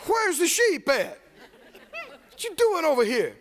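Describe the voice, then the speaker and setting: A man's voice: very high-pitched, huge pitch swings, a little slow, some chatter behind, voice pushed up, heavily acted. A man preacher voicing bossy older brothers who scold their younger sibling. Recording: reverberant church hall.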